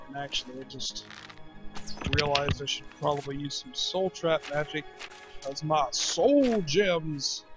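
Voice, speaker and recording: A man's voice: fairly high pitch, measured pace, music in the background. Chatty man playing a game. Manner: rambling, chatty, jokey. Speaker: game player and channel host. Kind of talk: casual let's-play chat.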